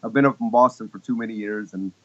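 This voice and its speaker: A man's voice: on the low side, steady tone, fast talker, a bit bright. A man in his fifties from Texas, a guest musician telling stories in a casual interview, rambling and chuckling with many restarts. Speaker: guest keyboardist. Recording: slightly muffled lo-fi audio.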